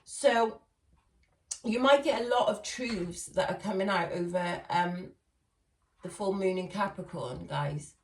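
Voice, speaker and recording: A woman's voice: medium pitch, slow. A woman doing a casual tarot reading, chatty and laughing often as she talks to her viewers. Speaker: tarot reader. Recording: echoey room, far from mic.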